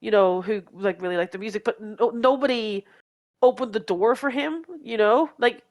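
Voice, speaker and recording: A woman's voice: on the high side, normal speed. A woman co-hosting a podcast in casual fan chat, rambling with many fillers and restarts and laughing often. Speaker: podcast co-host.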